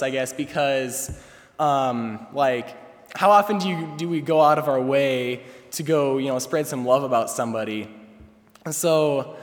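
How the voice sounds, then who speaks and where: Young man, casual story in a reverberant chapel. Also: a little high. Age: young adult. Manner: casual, rambling, many fillers and restarts. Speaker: student speaker. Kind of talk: personal story at a chapel service. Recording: long reverb from a chapel hall.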